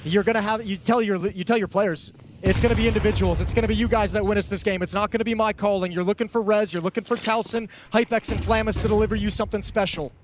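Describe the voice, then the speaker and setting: High-voiced male esports color commentator. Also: steady tone, fast talker, noisy background. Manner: conversational, rambling analysis with restarts. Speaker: esports analyst.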